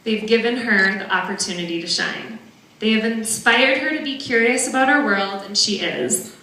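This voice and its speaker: Young woman, bright voice, earnest prepared speech, podium mic, heavy hall echo. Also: medium pitch, slight background noise. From northern Wisconsin. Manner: earnest, measured, heartfelt. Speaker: parent giving a benefit speech. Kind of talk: prepared speech read aloud. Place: large banquet hall. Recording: very echoey banquet hall.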